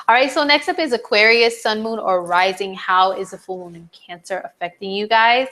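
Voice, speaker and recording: A woman hosting a live horoscope stream in a casual, chatty way, full of "like" and "um", her voice slightly hoarse. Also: medium pitch, moderate pace, fairly bright tone. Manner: chatty, lots of "like" and "um", reads viewer comments aloud.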